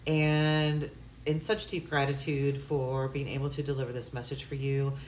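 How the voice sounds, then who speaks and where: A woman's voice: rumbling low, little pitch movement, moderate pace, darkish tone, reverberant, a little hiss or hum. A woman giving a tarot love reading, musing aloud with hesitant fillers and breaking into gushing, effusive exclamations. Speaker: tarot reader.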